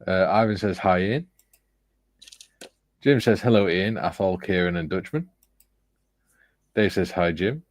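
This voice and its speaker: A man's voice: low-pitched, lively intonation, unhurried, pauses often. A man hosting a casual livestream, reading viewer comments aloud with a chuckle. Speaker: livestream host reading chat. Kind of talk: casual chat.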